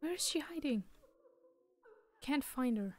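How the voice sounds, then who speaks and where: Her voice sits high with big pitch swings, at a measured pace. This streamer plays a horror game with casual, joking commentary, chatting away and addressing the on-screen characters directly.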